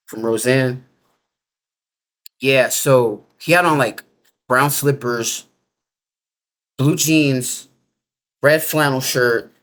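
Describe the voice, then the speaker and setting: Man, casual storyteller, rambling with lots of fillers, restarts, everyday grammar, mid-pitched voice. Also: fairly bright tone. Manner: loose, rambling talk full of "like" and restarts. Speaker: interviewee telling a near-death experience.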